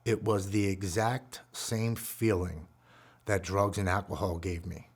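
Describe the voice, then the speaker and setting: A man in his forties telling his own recovery story in an earnest, emotional way, dropping to a hushed voice at the heavy moments. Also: deep voice, steady tone, a little slow, husky. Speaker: guest speaker.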